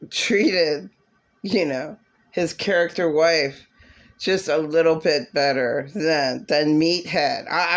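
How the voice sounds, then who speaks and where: A woman ranting angrily about her past, bitter and swearing, now and then mocking others in a shrill voice. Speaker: vlogger. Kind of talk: angry personal rant.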